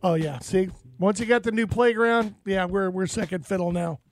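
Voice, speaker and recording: A man's voice: high voice, moderate pace, faint music behind. A man hosting a live outdoors radio talk show from a studio, upbeat and laughing, reading sponsor plugs. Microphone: studio mic.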